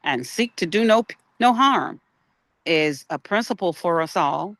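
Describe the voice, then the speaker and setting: Host, slow-paced, dry close sound, halting, searching unscripted spiritual talk. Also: mid-range voice, expressive, a bit bright, no echo. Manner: halting, searching for words, rhetorical questions. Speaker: broadcast host.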